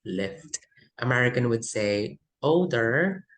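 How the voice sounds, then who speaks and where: A woman's voice: extremely low pitch, expressive, takes it slowly, rough recording. A woman coaching English test vocabulary, listing word pairs and slipping into Tagalog asides. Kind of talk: teaching vocabulary in a lesson.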